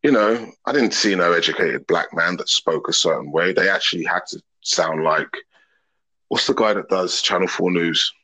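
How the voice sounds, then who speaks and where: A man's voice: low-pitched, moderate pace, pushed and bright, husky, low-quality recording. A man, a podcast guest talking openly and earnestly in long reflective thoughts. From England. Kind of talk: open casual conversation.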